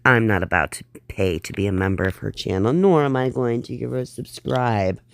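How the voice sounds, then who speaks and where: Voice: medium pitch, fairly quick, vocal fry, dry recording, clean studio sound. A reaction channel host giving blunt, sarcastic and profane commentary on a clip.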